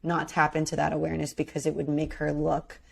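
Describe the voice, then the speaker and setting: A woman co-hosts a podcast in a low-pitched, completely flat voice with vocal fry, talking fairly quickly. She chats casually but bluntly and opinionatedly, saying "like" often.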